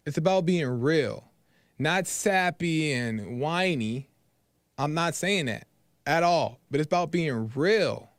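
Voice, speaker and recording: A man's voice: on the high side, animated, slow pace, no echo, clean studio sound. Earnest opinionated man hosting a call-in show. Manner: earnest, opinionated, repeats points. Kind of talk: casual call-in talk.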